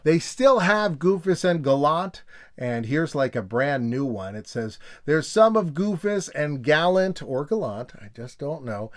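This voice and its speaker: Guy flipping through old kids magazines, jokey casual commentary, voice sits a bit high. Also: sing-song, a little slow. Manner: joking, does silly voices while reading aloud. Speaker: nostalgia video host.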